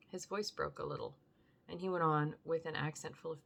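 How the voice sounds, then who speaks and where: A woman's voice: sits low, steady tone, a little fast, vocal fry, fairly bright tone. A woman reading a classic novel aloud and then chatting casually, hesitant with fillers. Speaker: audiobook reader and podcast host. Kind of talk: audiobook narration then casual chat.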